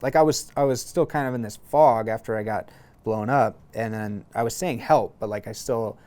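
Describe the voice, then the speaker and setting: Give me a man in his thirties recounting a story in a relaxed, halting way, with a mid-range voice. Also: mid-range voice. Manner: relaxed, halting, many fillers and restarts. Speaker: guest, former Marine. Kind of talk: casual conversational storytelling.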